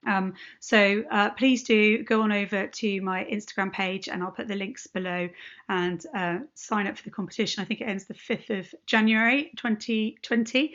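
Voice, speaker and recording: A woman's voice: mid-range voice, normal speed, a bit bright. A woman who works as an ADHD hypnotherapist and coach, chatting informally and straight to her viewers in an unscripted video message. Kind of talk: unscripted direct-to-camera message. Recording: dull lo-fi recording.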